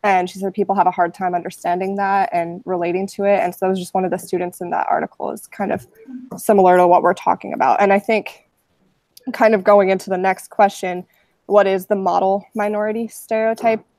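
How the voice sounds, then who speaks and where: A woman's voice: medium pitch, flat delivery, a little fast, a little mellow, no room sound. A woman leading a class discussion, summarizing an article and posing questions to the group. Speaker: discussion leader in a class webinar.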